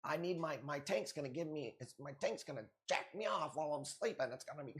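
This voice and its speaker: A man's voice: a little high, animated, brisk. A man hosting a live coral sale stream, chatting casually with viewers in a loose, profane, joking way. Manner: loose, profane, joking banter with frequent laughs.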